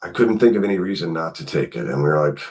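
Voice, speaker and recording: A man's voice: extremely low pitch, fast. A middle-aged man, a guest author, telling a long personal story in conversation and acting out the voices of the people in it. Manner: animated, acts out quotes in his telling.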